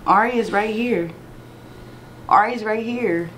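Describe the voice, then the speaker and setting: A woman's voice: mid-range voice, measured pace, fairly bright tone, echoey room, a little hiss or hum. A young woman filming a casual prank vlog, pestering someone with the same questions again and again. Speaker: vlogger.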